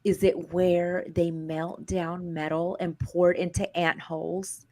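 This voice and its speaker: A woman's voice: fairly low pitch, level tone, unhurried, a little mellow. A woman co-hosting a casual chat show, chatty and supportive toward her co-host.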